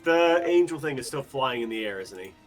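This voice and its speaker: A man's voice: medium pitch, lively intonation, a little fast, recorded from a distance, soft background music. A man playing a tabletop game, chatting casually and laughing easily. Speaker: player.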